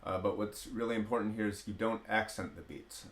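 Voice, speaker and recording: With a gravelly, lowish voice at a normal pace, a man leads a music lesson on rhythm, working through it step by step amid frequent hesitations. He chants the rhythm syllables in steady counts while the room echoes around him.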